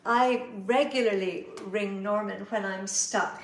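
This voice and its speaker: A woman's voice: mid-range voice, steady tone, slow, reverberant, crowd noise, low-quality recording. A woman hosting an online kitchen concert, chatting and reading out viewer comments, often stumbling over her words. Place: home kitchen.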